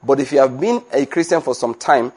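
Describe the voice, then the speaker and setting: A man delivering a sermon in a mid-range voice. He is emphatic and insistent and repeats his points for weight. His pitch climbs when he presses home a warning. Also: lively intonation, fairly quick, darkish tone, slightly rough. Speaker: preacher.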